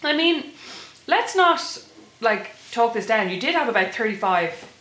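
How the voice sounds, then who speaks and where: A woman's voice: a little high, big pitch swings, measured pace, a bit bright, roomy sound. A woman, co-hosting a podcast with her sister, teasing wryly and swearing casually. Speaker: podcast co-host. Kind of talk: casual chat between sisters.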